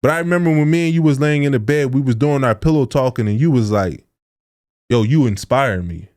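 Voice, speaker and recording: A man's voice: on the high side, fast talker, a little mellow. A young adult man co-hosting a podcast, talking casually and earnestly, with informal, preachy speech. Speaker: podcast co-host.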